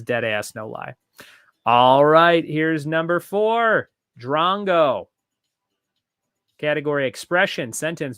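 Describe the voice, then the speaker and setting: A man hosting a live trivia show, reading each question slowly and repeating it, with joking asides between. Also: mid-range voice, fairly bright tone, dry recording, studio quality. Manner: reads each question slowly twice, jokes and rambles between. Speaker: trivia host.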